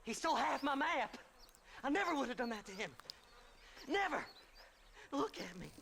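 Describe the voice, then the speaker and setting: A cackling, half-mad old grave robber. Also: male voice, extremely high pitch, very animated, moderate pace, a little hiss or hum, heavily acted. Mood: manic. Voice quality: gravelly, cackling, manic swings. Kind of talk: video game cutscene acting. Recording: game audio with loud insect ambience.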